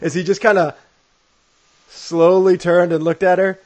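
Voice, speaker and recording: A man hosting a casual sports talk show, telling stories in an animated way with many restarts. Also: high voice, measured pace, low-quality recording. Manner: animated storytelling with lots of restarts. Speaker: podcast host.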